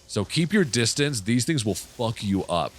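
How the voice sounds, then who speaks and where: A man casually commenting on his own game playthrough, swearing often and reacting loudly to what happens on screen. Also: mid-range voice, big pitch swings, moderate pace, slight background noise. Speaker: gaming channel host. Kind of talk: casual let's play commentary.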